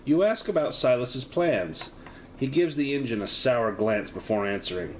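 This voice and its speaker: A man narrating a solo tabletop horror game as game master, describing each scene and offering a player her choices. His pitch rises and falls a lot, and faint noise hangs under his voice. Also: lively intonation, moderate pace, rough recording.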